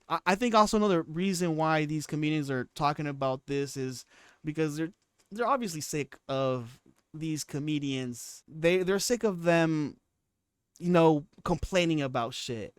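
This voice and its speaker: A man's voice: fairly high pitch, lively intonation, moderate pace, clean tone, no room sound, studio quality. A man in his twenties giving casual commentary on his channel, rambling and often restarting his sentences. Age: 20s. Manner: rambling, restarts and repeats himself. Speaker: commentary YouTuber.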